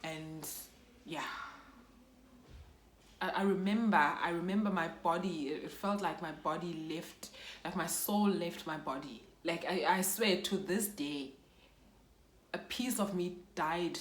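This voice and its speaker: A young South African woman tells a deeply personal storytime in a lowish voice, her words heavy with feeling. She drops Xhosa phrases into her English as she talks. The room around her sounds echoey. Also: slow. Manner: emotional, mixes in Xhosa phrases. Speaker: YouTuber. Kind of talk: storytime vlog.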